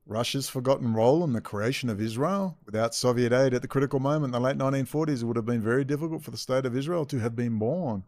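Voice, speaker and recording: A man's voice: mid-range voice, fast, hardly any pauses, darkish tone, dry recording. A man hosting a commentary video, reading texts aloud with sarcastic asides. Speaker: video host.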